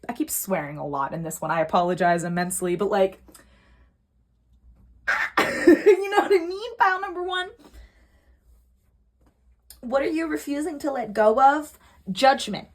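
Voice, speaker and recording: A young adult woman giving a pick-a-card tarot reading at home, earnest and emotional, swinging from soft to heated. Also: sits high, very animated, a little slow, long pauses. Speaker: tarot reader. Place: home room.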